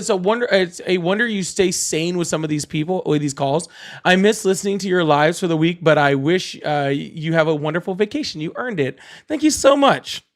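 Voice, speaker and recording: A young man hosting a political call-in livestream, thanking donors, laughing often and blunt with callers. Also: high-pitched. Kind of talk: casual livestream chat, reading donor messages.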